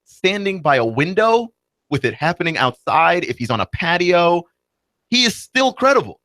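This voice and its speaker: A young man talks casually on a radio podcast, his pitch rising and falling with animated emphasis. He comes across as wry and skeptical. The studio sound is close and dry. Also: moderate pace, no echo. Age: young adult. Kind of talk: casual chat.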